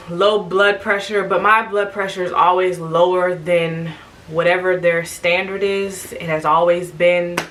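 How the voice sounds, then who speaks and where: Vlogger, woman, lowish bright voice, animated storyteller. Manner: animated storytelling, acting out what people said. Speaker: vlogger sharing her birth story. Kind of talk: casual storytime monologue.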